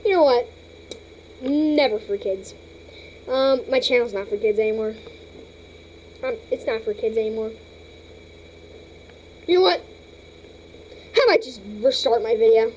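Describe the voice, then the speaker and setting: A woman's voice: a little high, a little mellow, slight background noise, low-quality recording. A woman hosting a casual toy vlog, rambling dramatically and breaking into shrieks. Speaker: channel host.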